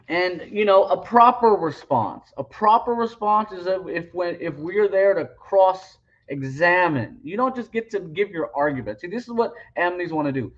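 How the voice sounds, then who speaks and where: A man with a high-pitched voice delivers heated, rambling commentary, pressing his argument hard. He keeps halting on fillers and starting sentences over. The recording sounds dull and lo-fi. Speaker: online religious commentator.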